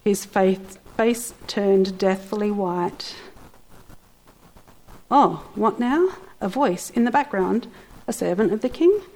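Woman storyteller, expressive, theatrical, playful asides. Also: medium pitch, measured pace, low-quality recording. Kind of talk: dramatic story narration.

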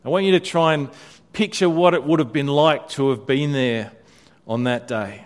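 A pastor leading a guided scripture meditation, speaking reflectively with many hesitant restarts. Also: male voice, mid-range voice, moderate pace.

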